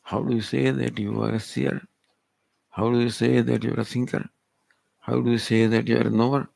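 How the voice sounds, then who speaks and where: A man's voice: mid-range voice, flat delivery, a little fast, creaky, darkish tone, no room sound. Man teaching with rhetorical questions. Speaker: spiritual teacher. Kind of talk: Vedanta discourse. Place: retreat hall.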